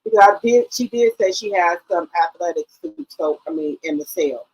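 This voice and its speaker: A woman's voice: fairly low pitch, lively intonation, normal speed, a little mellow, husky, rough recording. A woman hosting a casual live stream, greeting viewers one by one and rambling loosely with many ums.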